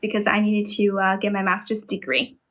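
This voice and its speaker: A woman's voice: mid-range voice, level tone, brisk, a bit bright. A woman from China speaking English with a Chinese accent, an online English teacher chatting casually and laughing often. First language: Mandarin. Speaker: online English teacher and live-stream host. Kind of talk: casual English practice chat.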